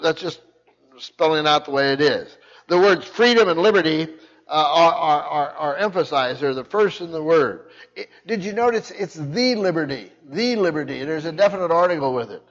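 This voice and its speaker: This is an older man, a pastor, delivering a sermon at normal speed in a slightly bright voice with lively intonation. He's emphatic, frequently repeats words and starts sentences over, and the audio sounds muffled and low-fidelity.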